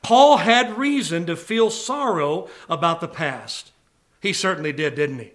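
A man preaching a sermon to a church congregation, telling personal stories with lively call-outs to the listeners. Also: on the high side, measured pace. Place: church service before a congregation.

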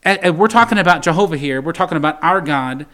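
A man preaching a sermon, calling out emphatic appeals to the congregation and reading scripture slowly and deliberately. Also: a little high, animated, bright, forceful tone.

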